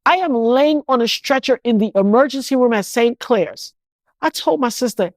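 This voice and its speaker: A woman's voice: on the high side, animated, moderate pace, dry recording, clean studio sound. A woman, telling her personal story as an interview guest, speaking emphatically with many restarts.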